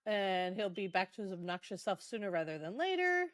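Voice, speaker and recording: A woman's voice: medium pitch, very animated, a little fast, dry recording, studio quality. A woman hosting a podcast, casually recapping a book in a chatty, irreverent way, swearing and laughing along. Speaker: podcast host.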